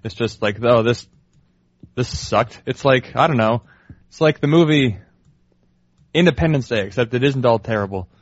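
A man's voice: medium pitch, moderate pace, long pauses, no echo, dull audio. A young man riffing in casual banter, dry and wry, his jokes tangling into long rambles.

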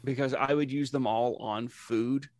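A man's voice: medium pitch, steady tone, a little slow, a little mellow, dry recording. A man co-hosting a casual podcast chat, blunt and joking, swearing freely. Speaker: podcast co-host.

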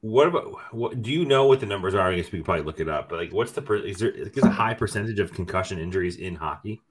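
Man, casual chat, very low voice, fast talker, curious. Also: animated.

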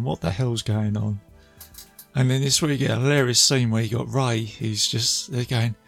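A man's voice: medium pitch, creaky. A man casually retelling a film's scenes, chatty and laughing as he goes. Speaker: film reviewer. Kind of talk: casual film recap.

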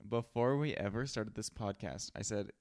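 A man's voice: on the low side, normal speed, darkish tone, no room sound, clean studio sound. A young man co-hosting a podcast, teasing and chiming in with playful remarks in a casual chat. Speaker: podcast co-host.

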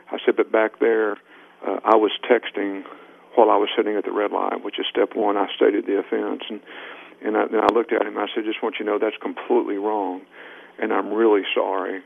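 A man's voice: fairly low pitch, vocal fry. A middle-aged man, a leadership trainer, earnestly telling stories as a guest in a radio interview. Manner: earnest anecdotes, acting out quoted dialogue. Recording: tinny phone line on radio.

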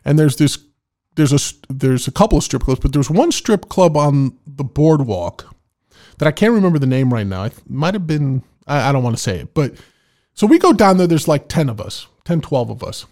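A man's voice: a little high, sing-song, moderate pace, darkish tone. Man spinning a rambling bar story. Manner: rambling, laid-back anecdote telling with frequent fillers. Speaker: podcast co-host. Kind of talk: casual storytelling chat.

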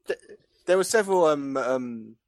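Man riffing on a comic pitch. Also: animated, moderate pace, darkish tone, no echo. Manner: rambling, pitches absurd comic scenarios. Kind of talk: casual comedic chat.

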